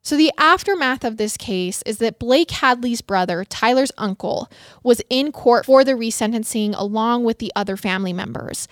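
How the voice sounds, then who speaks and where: A woman narrates a true crime case for her podcast, earnest and emotionally invested in the victims. Her voice sits a little high. The sound is dry and close, with no room around it. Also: moderate pace, dry recording. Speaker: podcast co-host.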